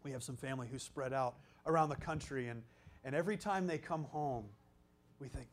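Emphatic preacher, high voice. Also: male voice, a little fast. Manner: emphatic, swings from loud exclamations to hushed near-whispers. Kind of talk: sermon.

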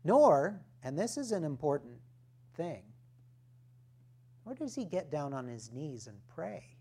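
A male pastor preaching a sermon, deliberate and emphatic, with rhetorical questions and firm points. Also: a little high, big pitch swings, dark tone, slightly rough.

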